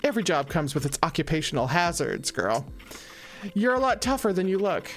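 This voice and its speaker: A woman's voice: lowish voice, big pitch swings, a little fast, soft background music. A woman voicing a sassy, scheming female angel who performs at a bar and talks people into her plans. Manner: sassy, persuasive. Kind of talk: let's play voice acting.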